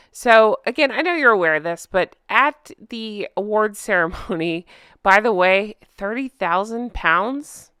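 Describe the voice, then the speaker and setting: A woman's voice: medium pitch, a bit bright, clear, resonant tone, no echo, clean studio sound. A young adult woman hosting a casual chat show, chatty and sarcastic, laughing often. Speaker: host.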